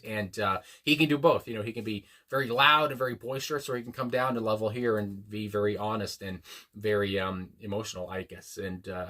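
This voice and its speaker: A man with a bright, forward voice talks through his thoughts in a loose, rambling way. He hesitates often and restarts sentences, leaning on fillers. His tone stays earnest and reflective. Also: medium pitch. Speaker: music reaction host. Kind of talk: casual spoken reaction.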